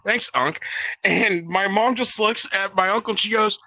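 A man's voice: high voice, steady tone, normal speed, pushed and bright, no echo. A young man hosting a podcast, retelling an awkward story with laughter and acted quotes. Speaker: podcast host. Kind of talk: casual storytelling.

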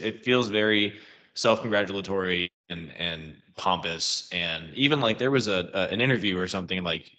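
A man's voice: deep voice, sharp tone. A man co-hosting a podcast, chatting casually and ranting his opinions with frequent swearing. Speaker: podcast co-host.

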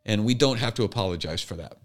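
A man's voice: lowish voice, animated, fast. A man co-hosting a podcast, talking earnestly in a casual chat and building his argument with restarts. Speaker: podcast co-host.

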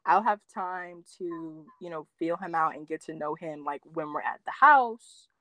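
A young woman telling dating stories in casual chat, full of "like" fillers and quoting others with big jumps in pitch. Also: a little slow, no echo. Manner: animated storyteller, acts out quotes with big pitch jumps, many "like" fillers.

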